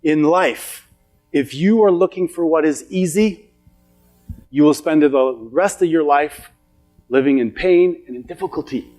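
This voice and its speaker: A middle-aged motivational speaker gives a seminar talk to a live audience in an event hall, telling personal stories in an emphatic, repetitive way. His voice sits a little high for a man and he is unhurried. Soft music plays faintly beneath him.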